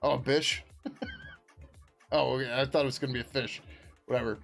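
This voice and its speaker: A man of middle pitch talks loosely through his coding on a live stream, full of fillers and quick laughs. He swears offhandedly and turns to his viewers mid-thought. Faint music plays under his voice. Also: steady tone, gravelly. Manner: rambling, laughs often, answers chat; swears casually, many fillers. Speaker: software developer streaming his work. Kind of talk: casual live-stream chat while coding.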